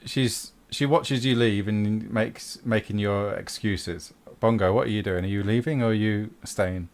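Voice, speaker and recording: A man narrating as game master of a tabletop role-playing game over an online call, brisk and quick to laugh. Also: on the low side. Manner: brisk, laughs along with players.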